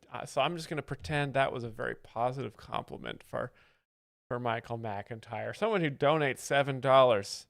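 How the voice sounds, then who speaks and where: A man's voice: mid-range voice, gravelly, fairly bright tone, no echo. A man commenting on a live stream, explaining jokes in a dry, mock-expert way and reading out donations. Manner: dry, faux-serious explaining, reads donations.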